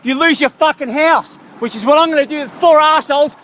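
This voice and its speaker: A man's voice: very high voice, fast talker, fairly bright tone. An Australian man in a heated street argument with police, ranting angrily and swearing a lot. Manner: angry, profane ranting. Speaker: member of the public confronting police.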